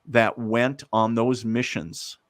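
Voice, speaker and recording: A man's voice: medium pitch, little pitch movement, slow pace, dry recording, studio quality. A man, a guest medium, telling stories in a casual, rambling way with lots of fillers. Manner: rambling, many fillers, laughs easily. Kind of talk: casual storytelling.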